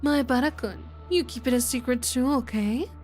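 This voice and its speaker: A woman's voice: sits high, moderate pace, darkish tone, soft background music, pitched above the performer's own voice, natural voice. A woman voicing a sly, playful teenage girl in a visual novel readalong, with a teasing, conspiratorial delivery.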